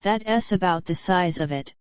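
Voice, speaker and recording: A woman reading the lines of a cool-headed young male outlaw who answers with quick, dignified defiance, in a dull lo-fi recording. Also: fairly low pitch, clear, resonant tone, no room sound, close to an everyday voice.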